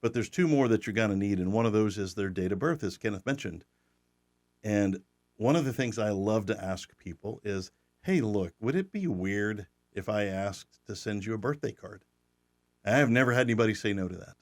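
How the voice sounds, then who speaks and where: Folksy host in his 60s, lowish voice, joking chat. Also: moderate pace. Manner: folksy, joking, restarts often. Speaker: podcast host. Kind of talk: casual podcast chat.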